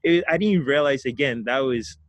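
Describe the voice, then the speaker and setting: Young adult male guest from Ghana; reflective, laughs often, repeats words, average pitch, dry recording. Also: moderate pace, no echo. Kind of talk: casual storytelling interview.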